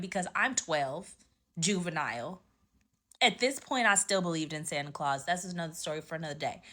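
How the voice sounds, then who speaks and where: A woman's voice: a little high, sharp tone. A woman telling a childhood story in a storytime vlog, dramatic and punchy.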